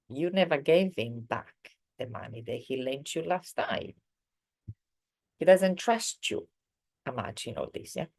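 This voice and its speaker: Low-voiced woman teaching language. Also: darkish tone. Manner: explains slowly with many fillers, acts out example sentences. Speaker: Italian teacher. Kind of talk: online language lesson.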